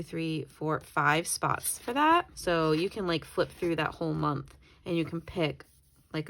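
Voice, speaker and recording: A planner YouTuber walks casually through her planner, chatting, rambling and amending what she says, with a brief tearful moment. Her voice is lowish with a fairly bright tone.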